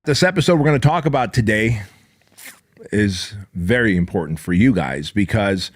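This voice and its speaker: A man's voice: lowish voice, animated, normal speed. A man hosting a motivational podcast monologue, blunt and emphatic, swearing freely and hammering his points in punchy repeated lists. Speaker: podcast host.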